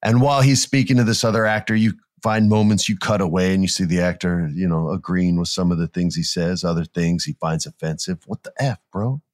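A man with a fairly low voice talks casually, swinging into animated bits where he acts out what people said. He tells stories with energy and a chatty rhythm. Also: brisk, few pauses, no echo, studio quality. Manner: animated storyteller, acts out quotes in jumpy voices. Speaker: podcast co-host. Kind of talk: casual chat.

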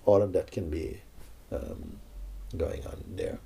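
A man acting as a spiritual teacher, speaking slowly and reflectively, with many pauses, in a spiritual dialogue. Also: low voice, huge pitch swings, vocal fry, warm tone, slight background noise.

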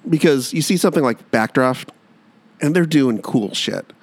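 A man's voice: medium pitch, lively intonation, normal speed. Dry-joking man on a podcast. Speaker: podcast co-host. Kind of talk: casual chat.

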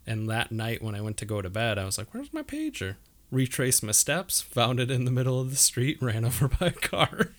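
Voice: mid-range voice, brisk, few pauses. A podcast co-host chatting casually and telling stories in an easygoing way. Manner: animated storyteller, easygoing. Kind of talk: casual movie rewatch chat.

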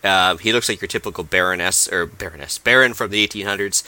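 Low, bright-voiced man chatting on a podcast. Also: quick pace, smooth. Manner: rambling, searching for words with many fillers. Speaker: podcast co-host. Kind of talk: casual podcast chat.

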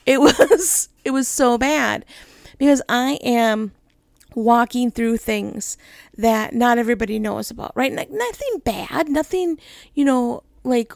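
Gravelly candid woman ministry leader. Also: a little high, expressive, a little slow, darkish tone, no room sound, clean studio sound. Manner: emotional, laughing often, rambling with "right?" tags. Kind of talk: candid personal talk.

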